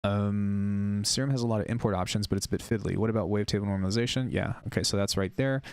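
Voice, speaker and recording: A male music producer on a casual live stream, chatting with viewers while demoing software, rambling and unsure of himself. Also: lowish voice, steady tone, fast, clear, resonant tone, no room sound.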